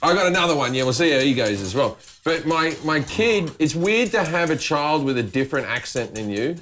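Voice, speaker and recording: A man's voice: a little high, animated, brisk, fairly bright tone, slight background noise. A man with an Australian accent, a comedian chatting and joking as a guest in a kitchen, rambling and restarting his sentences. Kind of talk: casual kitchen banter. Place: home kitchen.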